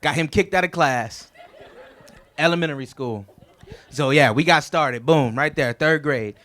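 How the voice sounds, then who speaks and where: A best man with a drawl gives a wedding toast, rambling through old stories in a joking, chatty way. His voice sits a little higher than most men's. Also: unhurried, fairly bright tone. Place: wedding reception.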